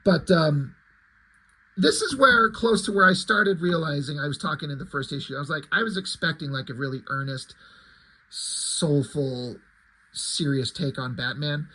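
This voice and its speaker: Husky, profane comic-book reviewer man. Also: fairly high pitch, moderate pace, sharp tone. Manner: profane, self-deprecating, rambling. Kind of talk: casual commentary.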